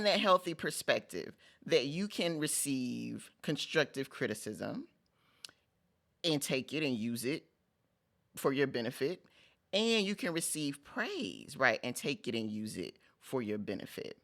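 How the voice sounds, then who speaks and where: A middle-aged man gives a motivational pep talk on his vlog in a gravelly, creaky voice. He speaks in a conversational, emphatic way, repeating phrases to drive them home and dropping in casual slang. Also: mid-range voice, very animated, a little slow, a bit bright. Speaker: host.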